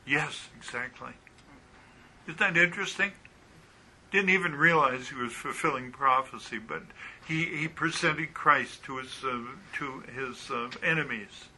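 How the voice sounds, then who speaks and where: A man teaching a Bible study verse by verse, reading passages aloud, often pausing with ums and asking rhetorical questions. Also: medium pitch, pushed and bright, rough recording. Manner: halting with frequent ums, asks rhetorical questions.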